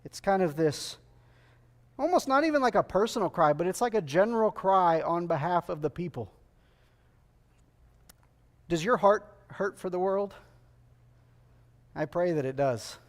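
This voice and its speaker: A man's voice: high-pitched, lively intonation, unhurried, long pauses. A male preacher giving a sermon, earnest and emphatic, repeating key phrases and putting rhetorical questions to the congregation.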